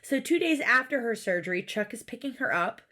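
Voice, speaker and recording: A woman with a slightly high voice chats casually as a podcast co-host, recapping a show. She rants in exasperation, swears freely and slips into quick impressions of the people she talks about. It is an unscripted, loose conversation. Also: lively intonation, pushed and bright. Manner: exasperated, swears often, mimics people in quotes.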